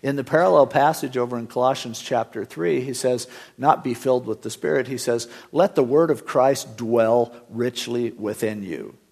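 A middle-aged man preaching a sermon as pastor, telling stories and acting out the dialogue in lively voices. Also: mid-range voice, normal speed, creaky, hardly any pauses, slightly rough.

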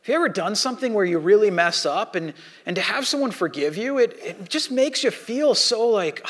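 A man's voice: high voice, animated, fairly quick. A pastor preaching a sermon, telling a story from his childhood and acting out the scenes, sometimes stumbling and repeating words.

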